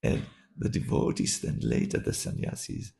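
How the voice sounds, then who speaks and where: A monk with a dark-toned voice tells a story while leading a scripture class, stumbling along with lots of fillers and false starts.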